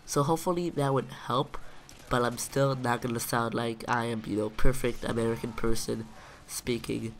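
Nasal Israeli-accented man, slow. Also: medium pitch, fairly even intonation, slight background noise. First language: Hebrew. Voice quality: nasal, congested-sounding. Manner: slow and deliberate, pausing to find English words. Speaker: gaming video commentator. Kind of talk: casual talk to camera.

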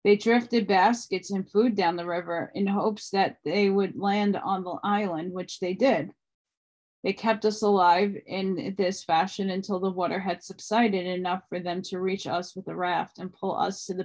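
A woman reading a book aloud at a steady pace, now and then stumbling and restarting a word. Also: medium pitch, normal speed. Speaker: audiobook reader.

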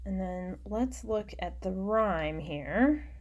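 A woman teacher giving a recorded online lecture, explaining patiently and often dropping into quiet muttering as she works. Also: medium pitch, lively intonation, slow, highs cut off, a little hiss or hum.

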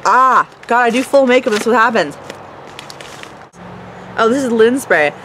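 A woman's voice: a little high, lively intonation, measured pace, a bit bright, slight background noise. A woman giving a goofy, bubbly product review and swearing casually. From Canada. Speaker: beauty vlogger.

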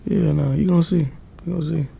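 A young man vlogging, chatting casually and teasing with a playful, laughing manner and a raspy voice. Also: fairly high pitch, fairly even intonation, quick pace, mellow.

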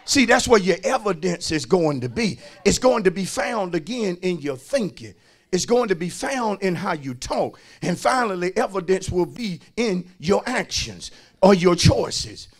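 A man a sermon in a high, strongly animated voice. He calls out to the congregation and repeats phrases for emphasis. He swings between hushed lines and shouted ones. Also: unhurried. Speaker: pastor.

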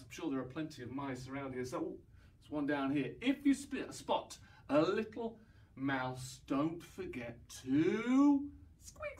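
A man leading young children through an action song, singing slowly and playfully acting out the sounds. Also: fairly high pitch, sing-song, distant mic. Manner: playful, sings slowly, mimes and acts out sounds. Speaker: children's singing session leader.

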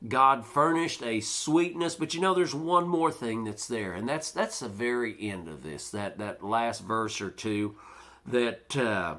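A pastor preaching a sermon in a church, lively, now and then acting out worried voices in his quotes. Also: medium pitch, measured pace. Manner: animated preaching, acts out quoted complaints.

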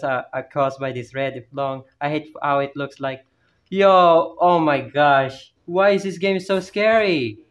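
A man with a mid-range, fairly bright voice narrates a horror map playthrough to himself at home, family within earshot. He's jumpy, yelping and exclaiming whenever a scare hits.

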